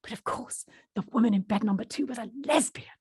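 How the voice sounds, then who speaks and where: A blunt old Yorkshire woman, as a woman storyteller puts her on, telling her tale in a dry, no-nonsense way. Her voice is softly husky and quiet. It comes through a video call in a dry, close room. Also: on the high side, quick pace, no echo. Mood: recounting. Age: 90s. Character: plain-spoken elderly Yorkshire woman, ex-army girl.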